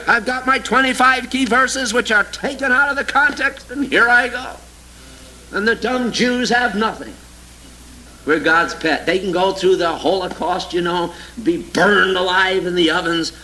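A man preaching a sermon and reading scripture aloud, sarcastic and mocking toward views he rejects, swinging between loud exclamations and low, quiet asides. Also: a little slow, slight background noise, poor audio.

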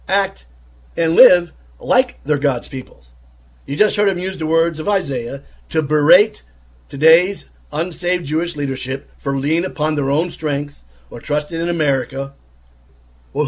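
Husky man arguing in rhetorical questions. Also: fairly high pitch. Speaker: commentator. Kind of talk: critical religious commentary.

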